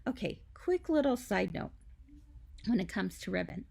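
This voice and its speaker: Quilt-shop host, woman, gravelly and chatty, full of asides, live tutorial from home. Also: medium pitch, sing-song, moderate pace, darkish tone. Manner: chatty and confiding, lots of asides.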